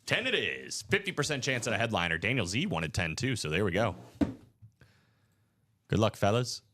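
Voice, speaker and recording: Lively, hyped-up male card break host. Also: lowish voice, normal speed. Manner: upbeat, slangy, hype-driven. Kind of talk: live stream sales chatter.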